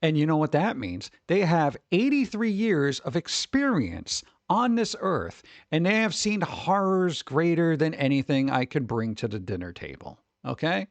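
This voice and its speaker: Lively gravelly-voiced man rambling and joking. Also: on the high side, dry recording. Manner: rambling, joking, puts on quick voices for bits. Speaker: streamer. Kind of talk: casual reaction chat.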